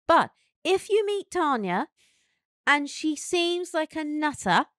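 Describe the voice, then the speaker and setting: A woman's voice: sits high, big pitch swings, slow pace, a bit bright, no room sound, clean studio sound. A woman co-hosting a podcast in casual chat, a chatty, giggly storyteller who hands out frank advice. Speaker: podcast co-host.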